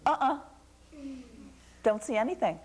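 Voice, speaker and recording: A woman voicing a quiet, shy little female bush deer in a told folktale, calm and dryly unimpressed. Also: fairly high pitch, a little slow, voice pushed up. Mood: deadpan.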